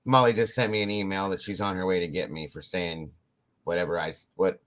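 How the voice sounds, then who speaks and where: A man with a low but bright, forceful voice hosts a casual live-stream chat from home. He talks in a relaxed, rambling way, often pausing on "um" and laughing along the way. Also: poor audio. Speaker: host.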